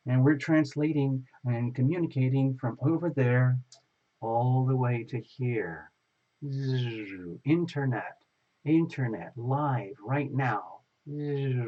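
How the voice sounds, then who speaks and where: Husky-voiced man chatting on a dull stream. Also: mid-range voice, mellow. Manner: rambling, playful, chatty. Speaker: tarot channel host. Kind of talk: casual livestream chat with viewers.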